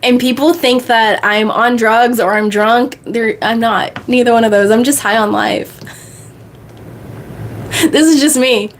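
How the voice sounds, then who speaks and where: A high-voiced woman hosting a livestream Q&A as a coach. She reads viewer questions aloud and answers them in a quick, bubbly way. A faint background hum sits under her voice. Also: fairly even intonation. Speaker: manifestation coach.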